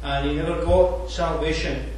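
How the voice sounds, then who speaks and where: A man preaches in a high-pitched voice, earnest and chatty, with asides and fillers. He is picked up from a distance in a church hall. Strong echo rings around him, with faint noise underneath. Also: fairly even intonation, moderate pace. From Scotland. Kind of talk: sermon. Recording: roomy distant hall mic.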